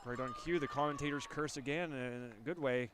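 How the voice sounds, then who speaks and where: A man with a stuffy nose and nasal voice calling high school football play-by-play, getting louder on big plays. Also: fairly quick, slight background noise. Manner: energetic play calls, rising on big plays. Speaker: play-by-play announcer.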